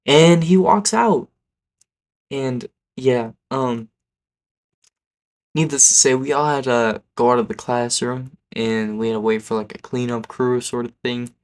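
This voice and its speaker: A man's voice: mid-range voice, a little slow. A man telling a story on his video channel in a rambling way, often tacking on "okay?" and "like". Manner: rambling, keeps adding "okay?" and "like". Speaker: YouTuber. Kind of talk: storytime vlog.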